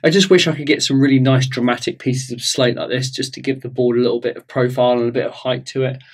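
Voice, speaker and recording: A man chatting his way through a hobby build in a loose, rambling way. He thinks aloud and fills pauses with ums and uhs. His voice sits at an ordinary middle pitch. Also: fairly even intonation. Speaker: hobby vlogger. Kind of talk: casual hobby narration.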